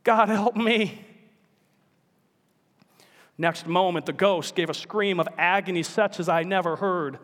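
A male pastor preaching in a high, urgent voice, swinging from quiet storytelling to emphatic calls to his church. A long reverb fills the sanctuary around him. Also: steady tone, normal speed, few pauses. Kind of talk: sermon.

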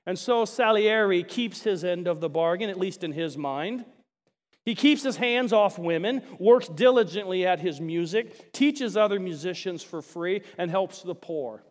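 A male pastor preaching a sermon, swinging between loud emphasis and hushed asides, often putting questions to the congregation. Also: high voice, measured pace. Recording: long reverb of a large hall.

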